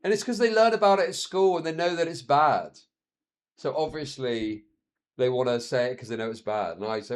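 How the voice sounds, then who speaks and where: This thirtysomething man speaks briskly in a mid-range voice while chatting on a live stream. His storytelling is animated and full of laughter and swearing.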